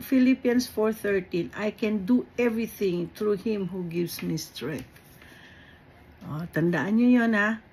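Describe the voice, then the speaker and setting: Filipino woman, slow husky delivery, earnest faith talk, casual Taglish. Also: medium pitch, low-quality recording. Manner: mixes in Tagalog phrases, earnest and animated; laughs between phrases. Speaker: faith speaker. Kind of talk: informal spiritual talk.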